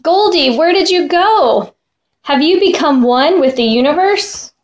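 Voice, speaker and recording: A woman voicing an excitable, imaginative little girl in a storybook reading, with a squealing, gushing manner. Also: high-pitched, unhurried, voice pushed up. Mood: excited.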